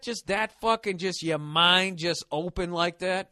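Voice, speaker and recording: A man's voice: high-pitched, normal speed, hardly any pauses, sharp tone, no echo, clean studio sound. A man hosting a podcast, delivering a sarcastic, profane comedic rant. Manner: swears constantly, sarcastic and ranting. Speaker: podcast host.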